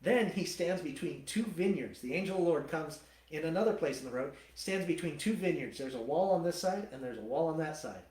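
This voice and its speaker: A man pastor teaching a sermon, retelling the story in a lively, colloquial storytelling way. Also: on the high side, a little fast. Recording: roomy church hall.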